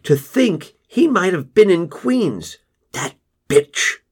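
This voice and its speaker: A woman's voice: lowish voice, sing-song, slow, a little mellow, breathy edge, voice pushed up, heavily acted. A man voicing a blunt, exasperated woman who swears freely.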